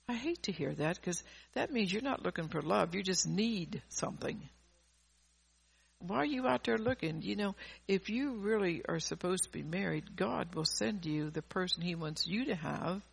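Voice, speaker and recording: A woman's voice: on the low side, creaky, husky. An older woman preaching an earnest sermon, often repeating and restarting her phrases.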